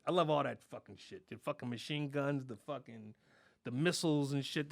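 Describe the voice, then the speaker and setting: A man's voice: sits high, fairly bright tone, dry recording. A man hosting a comedy podcast, delivering a rambling, mock-indignant monologue full of fillers from close on a studio mic. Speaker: podcast host.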